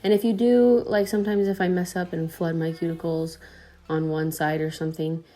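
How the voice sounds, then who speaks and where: A woman's voice: on the low side, flat delivery, normal speed, warm tone. A woman at home explaining how to apply her nails in a casual, chatty how-to voice. She is slightly out of breath and fills her talk with "um" and "like". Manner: chatty, friendly, instructional, with "um" and "like". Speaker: home nail tutorial host.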